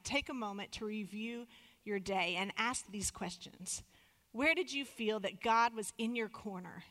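A woman in her thirties delivers a sermon with earnest, measured phrasing, slowing on the words she wants to land. Her voice sits at an ordinary middle pitch. The recording carries a long reverb, as if in a large sanctuary. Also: bright, forceful tone. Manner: earnest, measured, slows for emphasis. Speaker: preacher.

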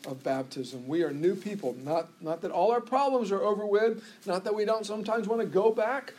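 A man's voice: high voice, fairly quick, a little mellow. A pastor preaching a conversational sermon to his church, with frequent restarts and asides.

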